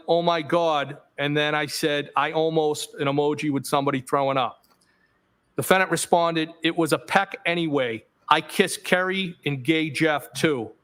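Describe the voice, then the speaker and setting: A man on the witness stand in a courtroom, reading messages aloud in a steady, measured delivery. His voice sits a little higher than most men's, and he reads each punctuation mark aloud as he goes. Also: clear, resonant tone.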